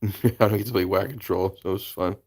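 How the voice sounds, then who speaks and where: A man's voice: sits low, fairly even intonation, fairly quick, darkish tone, slightly rough. A man hosting a casual livestream, chatting and laughing as he greets viewers by name. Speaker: livestream host. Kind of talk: casual live-stream chat.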